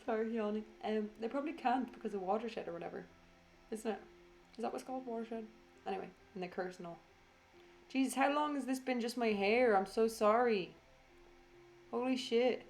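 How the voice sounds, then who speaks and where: A woman's voice: on the high side, normal speed, pauses often, a little mellow, faint music behind. A woman chatting through a casual voiceover for her craft video. She says she is tired, rambles, swears freely and teases herself.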